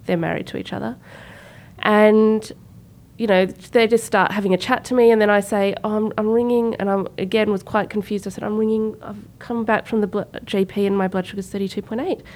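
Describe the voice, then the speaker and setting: Speaking briskly in a mid-range voice, this podcast co-host from Sri Lanka shares a personal story during casual talk. She livens it up by performing the voices of whoever she quotes.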